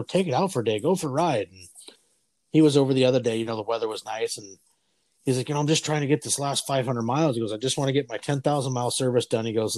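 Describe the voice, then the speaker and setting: A man's voice: mid-range voice, darkish tone, no echo. A man in his forties hosting a casual chat, telling stories in a loose, profane way and acting out the voices of people he quotes. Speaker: podcast host.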